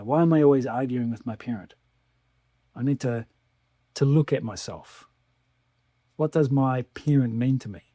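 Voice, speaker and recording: A man giving a calm, reflective talk as a spiritual teacher, often posing questions and then answering them himself. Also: mid-range voice, no room sound, studio quality. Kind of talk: lecture on spiritual psychology.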